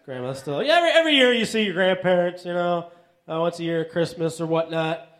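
A man in his thirties delivers stand-up one-liners in a deadpan way, padding them with filler "uh"s. His voice sits high and swings widely in pitch. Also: quick pace. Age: 30s. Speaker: stand-up comedian.

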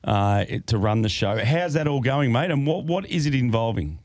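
A man's voice: medium pitch, animated, moderate pace, a little mellow, no echo, clean studio sound. A man hosting a casual sports chat, talking chattily with lots of fillers and a matey tone. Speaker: sports show host.

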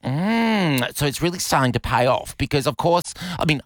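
A man with a distinctive voice that people often take for a put-on, talking as a guest on a casual panel chat. His pitch swoops and bounces all over the place as he laughs at himself, and the sound is dry and close with no room around it. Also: normal speed, no room sound. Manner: animated, laughing, self-deprecating about his voice. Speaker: guest voice actor.

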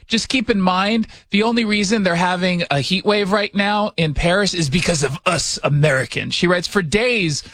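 Sarcastic high-voiced male radio host. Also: a bit bright, no echo. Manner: sarcastic, joking, rhetorical questions. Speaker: radio talk show host. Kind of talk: casual political commentary chat. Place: his radio studio. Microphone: studio mic.

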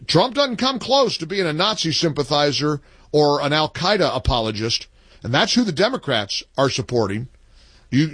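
A male talk radio host speaking into a studio mic, his voice a little higher than most men's. The sound is close and dry, with no room around it. He talks in an emphatic, opinionated way. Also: a bit bright, breathy edge, dry recording. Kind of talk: talk radio, reading a post and taking calls. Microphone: studio microphone.

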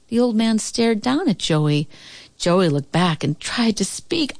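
A woman narrating a children's storybook aloud, expressive with dramatic pauses. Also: medium pitch, no echo.

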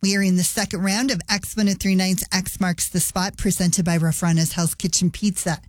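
A woman radio host reads a contest promo, upbeat and chatty. Her voice sits low for a woman. The studio sound is close and dry. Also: flat delivery, moderate pace, dry recording.

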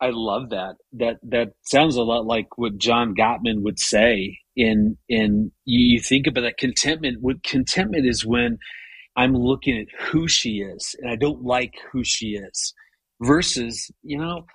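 A man's voice: medium pitch, big pitch swings, measured pace, gravelly, a bit bright, breathy edge, no echo, rough recording. A man in his fifties, a guest on an interview show, telling stories about his marriage in a conversational way and often repeating words as he goes. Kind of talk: conversational storytelling.

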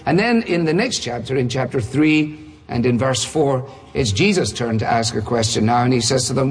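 A man's voice: mid-range voice, animated, normal speed, breathy edge. A man preaching a sermon, firing off emphatic rhetorical questions with touches of dry humor. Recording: reverberant hall.

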